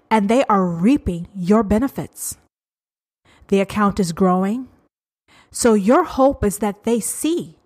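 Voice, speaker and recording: A woman hosting a solo podcast, speaking bluntly and profanely, drawing out her words and talking straight to her listeners. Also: medium pitch. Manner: blunt, profane, emphatic and drawn-out. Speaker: podcast host. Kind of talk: uncensored solo podcast rant.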